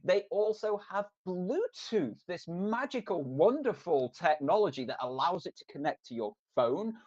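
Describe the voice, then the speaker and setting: Lively man on a dull lo-fi line. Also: sits high, moderate pace. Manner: lively, joking, explains things in detail. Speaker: podcast co-host. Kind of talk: casual gaming podcast chat.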